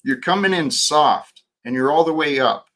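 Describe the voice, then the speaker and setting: A man hosting his own livestream, talking in a slow, reflective way with frequent restarts. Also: a little high, bright, forceful tone. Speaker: livestream host. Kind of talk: casual livestream chat.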